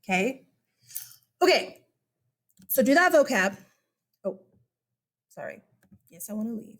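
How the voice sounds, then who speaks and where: A woman teacher walks her students through an online class in a relaxed, chatty way, with plenty of fillers and an upbeat tone. Her voice sits a little high. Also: normal speed. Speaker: high school history teacher. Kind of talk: casual online class instruction.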